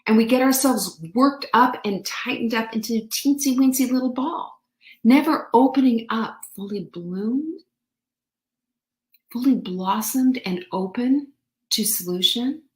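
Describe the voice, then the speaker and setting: A woman's voice: on the high side, unhurried, darkish tone. A middle-aged woman hosting a show, giving an upbeat, chatty motivational talk and answering viewer comments. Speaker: show host. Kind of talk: live-stream motivational talk. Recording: roomy echo.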